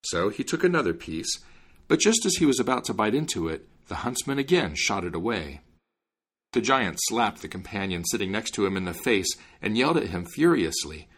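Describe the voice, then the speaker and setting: Man reading a fairy tale, lively pitch. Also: normal speed, slightly rough. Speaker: reader.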